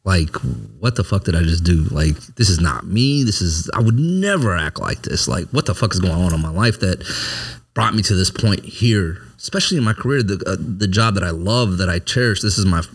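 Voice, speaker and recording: A man's voice: low voice, expressive, brisk, breathy edge. A man candidly telling a personal story in casual, profane conversation, often asking "you know what I mean". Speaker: service member telling his story.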